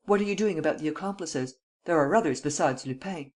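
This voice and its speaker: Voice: mid-range voice, fast, lightly acted. An audiobook narrator reading the lines of an impatient, demanding French prime minister in a brusque, insistent way.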